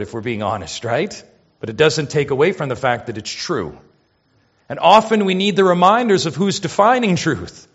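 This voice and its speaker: A pastor preaching a sermon to his church, with emphatic rises and soft drops. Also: medium pitch, muffled recording.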